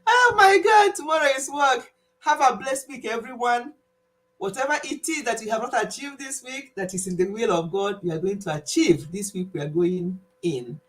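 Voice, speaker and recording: A woman's voice: mid-range voice, normal speed. A woman hosting a casual live stream, playful and often laughing as she imitates her viewers. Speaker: channel host closing a live stream.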